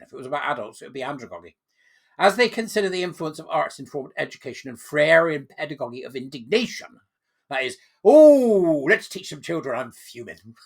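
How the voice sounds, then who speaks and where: A man with a gravelly, raspy voice reads aloud and picks apart what he reads in a sarcastic, mocking tone. His pitch rises and falls in lively swings as he comments as host of his own channel.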